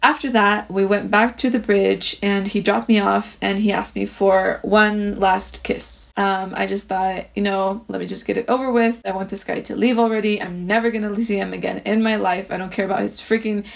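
A woman vlogger telling a personal story to camera, earnest and halting. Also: medium pitch, little pitch movement, gravelly.

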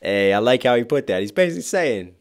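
A hoarse man, a rapper, reacting to a song and animatedly explaining its wordplay line by line. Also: medium pitch, big pitch swings, fast talker. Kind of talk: music reaction commentary.

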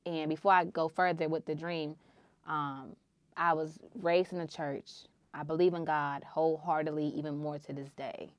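A woman hosting a podcast, telling a personal story in an earnest, intense way with sudden loud swells. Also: deep voice, level tone, normal speed, no room sound. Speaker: podcast host.

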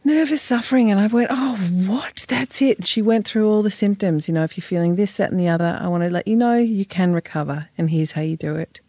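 Frank woman with a gravelly edge. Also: lowish voice, lively intonation, fast, few pauses, dark tone, dry recording. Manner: frank and emotional, swears freely, laughs, many restarts. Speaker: guest. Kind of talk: candid podcast interview.

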